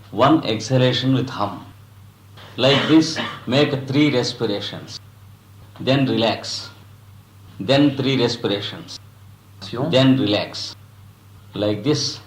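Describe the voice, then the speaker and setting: Slow, measured male yoga teacher. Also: mid-range voice, reverberant, poor audio. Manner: slow, measured, with long pauses between phrases. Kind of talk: guided breathing instruction.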